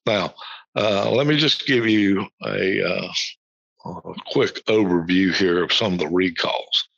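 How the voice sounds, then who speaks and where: Man, low voice, podcast host, reading aloud, deliberate repetition, dry dull recording. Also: gravelly, fairly bright tone, slightly rough, no room sound. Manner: deliberate, repeats passages slowly for emphasis.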